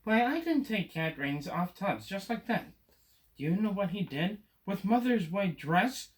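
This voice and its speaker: A man's voice: high voice, big pitch swings, unhurried, pitched above the performer's own voice. A man reading aloud and voicing a cheeky, boastful cat with a gleeful manner. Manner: gleeful and confident.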